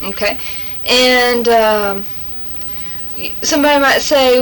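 A woman giving a spoken fill-in-the-blank test, halting with many fillers and saying okay after each answer. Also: fairly high pitch, a bit bright, slight background noise, poor audio. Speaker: language tester. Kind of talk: reading fill-in-the-blank prompts.

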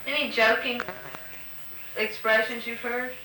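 A woman's voice: on the high side, little pitch movement, unhurried. A woman interviewer asking prompt questions patiently, with frequent ums. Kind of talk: structured question-and-answer interview. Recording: roomy recording with background hiss.

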